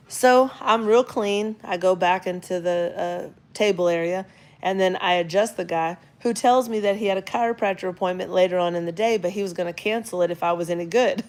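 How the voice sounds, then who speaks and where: Chatty woman telling a story. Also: lowish voice. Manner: chatty, animated storyteller who quotes others in character. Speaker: chiropractor and vlog host. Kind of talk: casual storytelling chat.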